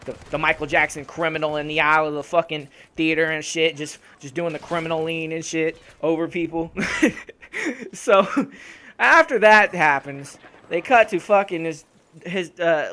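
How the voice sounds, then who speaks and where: A young man with a slightly high voice rants casually over gameplay as a YouTuber. He swears constantly and gets worked up, breaking into laughs as he talks into a home desktop mic. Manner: profane, animated ranting with laughs. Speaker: gaming YouTuber.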